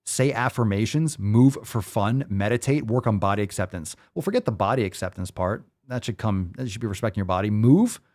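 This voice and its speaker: A man's voice: on the low side, expressive, fairly quick, few pauses, darkish tone. A man hosting a podcast, giving profane, sarcastic commentary as he reads posts and articles aloud. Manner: sarcastic, mocking, emphatic. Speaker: podcast host.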